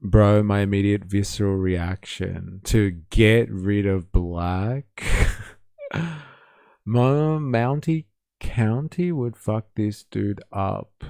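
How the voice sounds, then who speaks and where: A man's voice: fairly low pitch, takes it slowly, vocal fry, mellow, clear, resonant tone, dry recording, clean studio sound. A man with a Western Sydney accent hosting a live stream, chatting casually with a sarcastic, teasing edge and frequent swearing. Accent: Western Sydney Australian. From Australia. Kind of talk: casual reaction stream chat.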